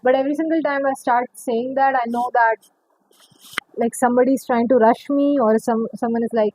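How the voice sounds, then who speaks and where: A woman's voice: fairly high pitch, fairly even intonation, brisk, darkish tone, dry recording, rough recording. A woman giving a pick-a-card tarot reading, chatty and rambling, calling the viewer honey. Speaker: tarot reader.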